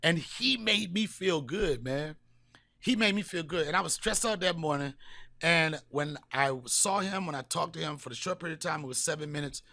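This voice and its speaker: High, bright-voiced comedian host. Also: male voice, normal speed, creaky, no room sound. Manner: loud, profane storytelling with hype sign-offs. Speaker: podcast host. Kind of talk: casual comedic podcast talk.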